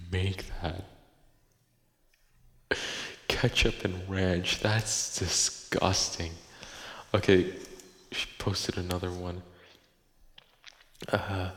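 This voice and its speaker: A podcast host with a low, fairly bright voice runs a casual solo show, swearing in exasperation while reading listener posts aloud. The room is echoey with long reverb.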